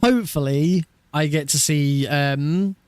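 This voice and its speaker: A man's voice: on the high side, slow pace, smooth, no room sound. A man streaming a speedrun practice, chatting casually with viewers, laughing often and swearing freely. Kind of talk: casual live-stream chat.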